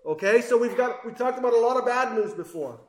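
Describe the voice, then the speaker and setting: A man preaches with high-pitched fervor, pressing his points hard and then dropping to near hushes. His voice rings in an echoey room as he delivers the sermon. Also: expressive, a little fast, a little hiss or hum. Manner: impassioned, swings between loud emphasis and hushed asides.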